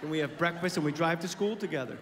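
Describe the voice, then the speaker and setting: A man in his forties doing stand-up comedy on a club stage into a handheld mic, telling animated stories that build to shouted punchlines. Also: fairly high pitch, quick pace. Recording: reverberant venue with steady background hiss.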